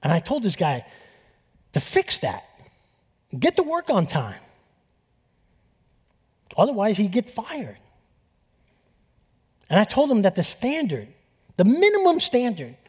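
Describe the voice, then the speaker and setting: A man with a New York accent preaching a sermon, animated and building to emphatic peaks. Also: sits high, a little slow, long pauses, breathy edge. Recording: long hall reverb.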